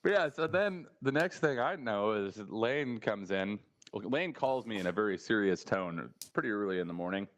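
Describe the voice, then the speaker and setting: A man with a fairly low voice tells a rambling story in casual podcast chat. He laughs often and slips into little impressions of the people he quotes. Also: moderate pace, highs cut off. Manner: laughs often while telling stories; animated, mimics people he quotes.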